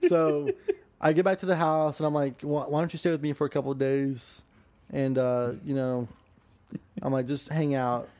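A man's voice: fairly high pitch, little pitch movement, moderate pace, darkish tone. A man talking as a podcast guest, telling a long story in a rambling, profane way with lots of fillers. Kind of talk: casual podcast chat.

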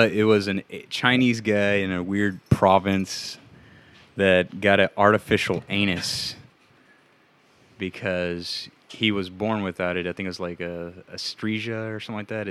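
A man's voice: low voice, fairly even intonation, normal speed, fairly bright tone, clear, resonant tone. A young adult man co-hosting a podcast, telling crude jokes and laughing at them as he talks casually into a studio mic. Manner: crude, wisecracking, laughs at his own jokes. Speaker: podcast co-host. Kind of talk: casual chat.

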